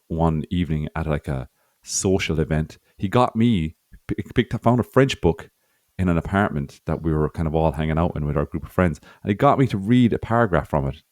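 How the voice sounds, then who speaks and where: A man's voice: low voice, darkish tone, no echo, studio quality. A man co-hosting a podcast in casual chat, rambling and self-mocking, often laughing. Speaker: podcast co-host.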